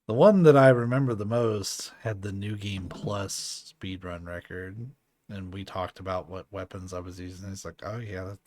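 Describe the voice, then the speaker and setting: A man giving casual commentary over a video game playthrough, with laid-back asides. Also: lowish voice. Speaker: gameplay narrator.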